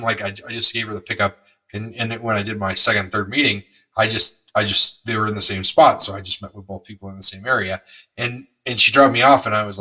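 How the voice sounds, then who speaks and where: A middle-aged man hosting a podcast, telling a rambling, energetic story with lots of fillers. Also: medium pitch, recorded from a distance, poor audio. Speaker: podcast host. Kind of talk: motivational podcast monologue.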